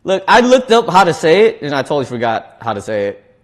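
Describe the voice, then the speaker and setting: Male streamer, loose talky read, slightly high voice, laughs and restarts often. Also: very animated, fairly quick. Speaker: streamer reading chat. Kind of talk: casual cooking livestream chat.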